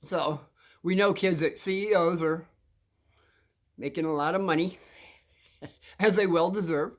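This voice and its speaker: A man's voice: a little high, unhurried. A man in his sixties telling rambling stories to kids, restarting sentences often and chuckling between thoughts. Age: 60s. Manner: meandering, with frequent restarts and chuckles. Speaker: show host talking to kids. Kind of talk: rambling anecdotal storytelling.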